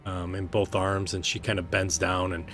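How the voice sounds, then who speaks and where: A man narrating a tabletop game as game master, relaxed and hesitant with many fillers. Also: sits low, normal speed.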